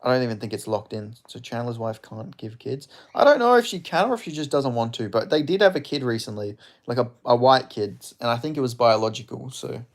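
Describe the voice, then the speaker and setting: A man hosting a live fight watch-along, giving casual, profane commentary with sudden excited outbursts. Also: medium pitch, a little fast, hardly any pauses. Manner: excitable, swearing, bursts into loud reactions.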